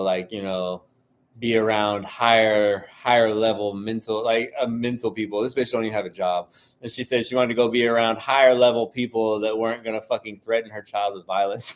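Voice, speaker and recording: A man hosting a solo podcast, ranting heatedly with heavy swearing and constant fillers. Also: lowish voice. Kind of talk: casual monologue.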